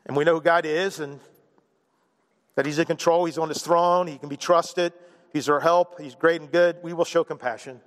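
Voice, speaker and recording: A middle-aged man preaching a sermon in a conversational, animated way, often checking in with "right?" and acting out quoted voices. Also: a little high, moderate pace, long reverb tail. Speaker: pastor.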